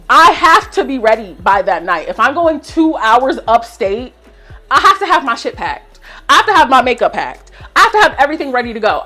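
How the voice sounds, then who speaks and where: A woman's voice: a little high, fairly bright tone. A young woman in her twenties telling a storytime rant to her viewers, swearing and fired up as she vents. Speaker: vlogger.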